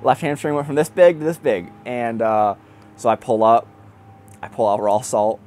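A young triathlete excitedly recounts his race in a casual way, laughing often and occasionally swearing. He speaks at medium pitch and normal speed.

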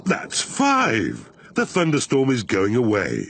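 A man voicing a calm, easygoing father pig in a children's cartoon, talking in an unhurried, reassuring way. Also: mid-range voice, gravelly, background noise, exaggerated voice.

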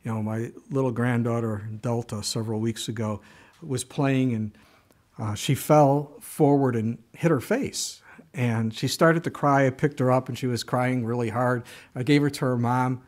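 A man's voice: mid-range voice, fairly even intonation, normal speed, a little mellow. An older man preaching a sermon in a conversational way, with frequent asides and restarts. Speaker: pastor.

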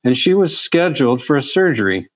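A man's voice: mid-range voice, sing-song, a little fast, dry recording. A man, a physician, giving a talk on chronic pain and telling patient stories in an earnest way, often restarting his phrases. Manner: storytelling, earnest, with frequent restarts. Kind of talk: presentation.

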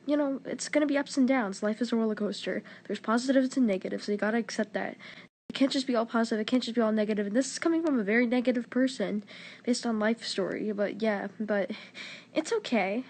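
A woman's voice: on the high side, fast, a little mellow. A young woman giving an earnest, rambling, impassioned monologue into her phone, swearing often. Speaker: social media poster.

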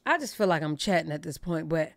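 A woman hosting a reaction channel, giving blunt, profane, animated opinions in casual commentary. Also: deep voice, fast, creaky, dry recording, studio quality.

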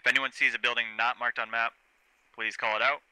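Crisp, bright-voiced man giving squad orders. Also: mid-range voice, level tone, no room sound, rough recording. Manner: brisk, commanding briefing. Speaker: squad leader in a team shooter game. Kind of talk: giving orders over game voice chat.

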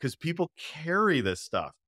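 Lively conversational male podcast host. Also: a little high, normal speed, slightly rough, dry recording, clean studio sound. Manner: appreciative, conversational. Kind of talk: podcast interview.

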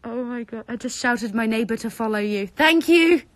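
A young woman, chatting excitedly on a live stream from her bedroom, breathless and repeating herself. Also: on the high side, brisk, dry recording. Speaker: social media creator on a live stream. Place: bedroom at home.

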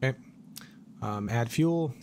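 A man's voice: mid-range voice, lively intonation, slow pace, a little mellow, a little hiss or hum. A middle-aged man streaming a survival game, chatting casually, thanking viewers and swearing at scares. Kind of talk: casual live gameplay commentary.

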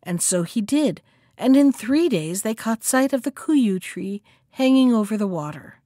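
Library storyteller, woman, fairly high voice, measured read-aloud narration. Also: animated, mellow, dry recording, studio quality.

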